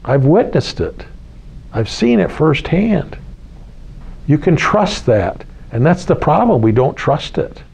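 A man's voice: a little high, very animated, takes it slowly, gravelly, darkish tone, slightly rough. A man, a spiritual teacher talking casually to a small group, repeating key phrases and asking his listeners questions. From United States. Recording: slightly dull lo-fi recording.

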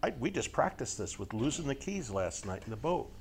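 A man's voice: mid-range voice, brisk. A middle-aged man teaching a conversational sermon to a live group, folksy and joking, constantly checking with rhetorical questions. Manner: asks frequent rhetorical questions and tag checks; folksy, lively, jokes with listeners. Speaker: Bible teacher.

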